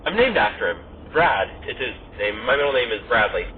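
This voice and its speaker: Brisk and animated, this mid-range male voice belongs to a podcast host who wanders through casual conversation, leaning heavily on "like" and "you know." The sound is thin and phone-like, with a bit of noise.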